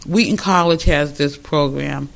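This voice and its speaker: An older man who runs a museum, telling stories in an animated, rambling way with many restarts during an interview. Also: on the high side, a little slow, gravelly. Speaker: museum founder. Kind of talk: conversational interview.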